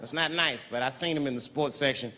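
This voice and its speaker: A male stand-up comedian telling stories live, animated and leaping into high shouted punchlines. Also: quick pace, a faint crowd. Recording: live hall with long reverb, faint noise.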